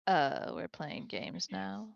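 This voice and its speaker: A woman playing a deadpan, gravelly adventurer. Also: lowish voice, slow pace, no room sound, lo-fi sound, full character voice. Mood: dry. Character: awkward, dry-humored woman adventurer.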